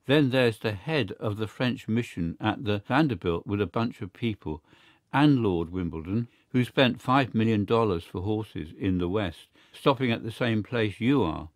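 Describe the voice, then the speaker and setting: A man's voice: lowish voice, lively intonation, moderate pace, dry recording, clean studio sound, natural voice. A man reading a shrewd spy chief. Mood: musing.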